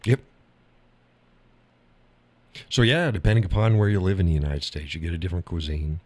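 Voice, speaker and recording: Deep-voiced folksy man. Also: expressive, racing, a little mellow. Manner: folksy, drawling, laughs often. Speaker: live stream host. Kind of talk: casual chat with viewers.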